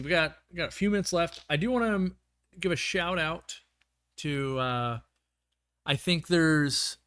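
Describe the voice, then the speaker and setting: A man's voice: medium pitch, fairly bright tone, no room sound, studio quality. Rambling man hosting a livestream. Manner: rambling, self-correcting, with many restarts. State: losing his voice. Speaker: livestream host. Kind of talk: casual livestream chat.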